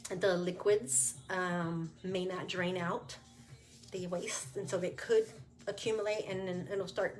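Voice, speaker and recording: Chatty woman telling her own story. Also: lowish voice. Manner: chatty and candid, with frequent fillers and quick laughs. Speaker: cancer survivor sharing her story. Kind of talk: casual livestream testimony. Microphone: webcam or phone on a livestream.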